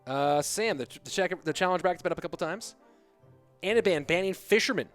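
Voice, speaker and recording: An esports caster and streamer with a high, bright-sitting voice does live game commentary at a brisk clip, reading chat as he goes. He's excitable, hyping up big plays and giving shout-outs to viewers, with music clearly audible behind him the entire time.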